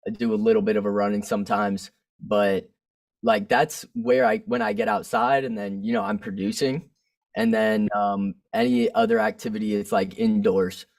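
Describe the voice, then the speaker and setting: A man from Florida, a musician and producer, chatting easily as a guest, with a relaxed, filler-heavy manner. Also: on the low side, moderate pace, vocal fry, no room sound, studio quality, far from the mic. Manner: relaxed, easygoing, full of fillers. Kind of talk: casual interview chat.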